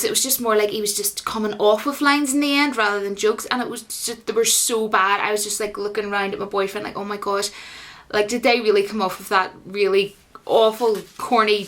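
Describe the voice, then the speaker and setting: A young woman gives a casual video review of a film. She is blunt and opinionated, talks directly to her viewers, and fills her speech with "you know" and "like". Her voice sits a little on the high side. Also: fairly bright tone. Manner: blunt, opinionated, full of fillers. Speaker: movie reviewer.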